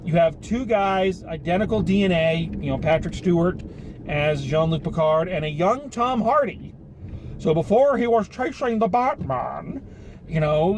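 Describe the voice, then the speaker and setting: A man giving a rambling, sarcastic spoken film review, casual and swearing now and then. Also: high-pitched. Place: car while driving home. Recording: car cabin with road noise.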